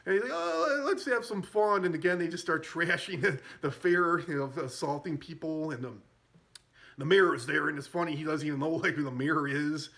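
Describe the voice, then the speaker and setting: A man retells a film in a loose, rambling way. His voice sits a little high and sounds bright and forward. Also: steady tone, brisk. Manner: rambling, with many fillers and restarts. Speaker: film reviewer. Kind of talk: casual film recap.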